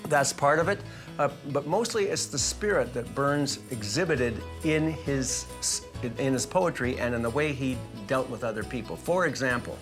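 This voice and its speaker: A man interviewed as a bagpiper, explaining history in a relaxed, storytelling manner with a middle-pitched voice. Faint guitar music drifts under his words. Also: moderate pace. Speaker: bagpiper and guest.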